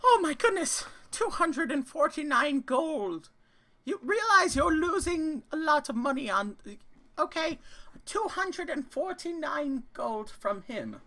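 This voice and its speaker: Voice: high voice, very animated, takes it slowly, pushed and bright, pitched above the performer's own voice, heavily acted. A game master voicing a greedy male gnome who runs a betting game, with a theatrical carnival-barker delivery. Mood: mock-outraged. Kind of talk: tabletop role-play voice.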